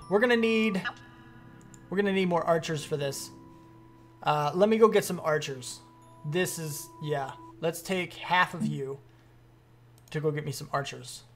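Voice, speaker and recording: A streamer gives let's-play commentary on a strategy game at a middling pitch. They get excitable, rattling off the same command again and again. Faint music plays underneath. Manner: excitable, repeats commands rapidly. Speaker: gaming streamer.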